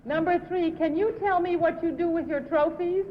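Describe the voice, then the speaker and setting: A woman's voice: very high-pitched, fairly even intonation, moderate pace. A woman questioning contestants as a game show panelist, light and amused. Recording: dull 1950s TV broadcast, loud hiss, hall reverb.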